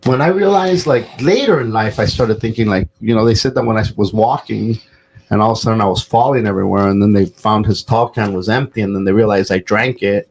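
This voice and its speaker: A man's voice: lowish voice, brisk, slight background noise, low-quality recording. A man hosting a podcast, telling stories in a loose, profane, casual way with plenty of fillers. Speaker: podcast host.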